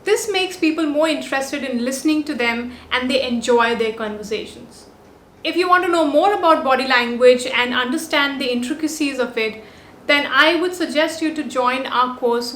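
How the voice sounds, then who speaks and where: Here a woman with a high, slightly bright voice moves at a moderate pace through upbeat, emphatic scripted tips for her body language vlog. The compact on-camera mic captures roomy echo plus slight background noise.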